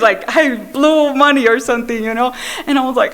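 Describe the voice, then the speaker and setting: A woman's voice: high voice, a little fast, a bit bright. A woman speaker at a recovery meeting, sharing her own story in a candid, self-mocking way, with frequent fillers and restarts. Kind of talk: personal recovery share at a meeting. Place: meeting room.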